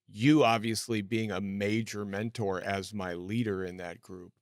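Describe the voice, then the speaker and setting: A man's voice: fairly low pitch, steady tone, a little slow, dry recording, clean studio sound. A man hosting a podcast interview, agreeing and chatting easily with his guest. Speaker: podcast host. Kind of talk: podcast conversation.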